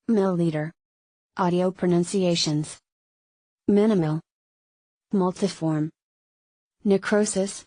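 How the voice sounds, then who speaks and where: A woman reading medical terminology textbook pages aloud, word by word, in a flat, measured way. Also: lowish voice, no echo, rough recording. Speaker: narrator of a medical terminology lesson.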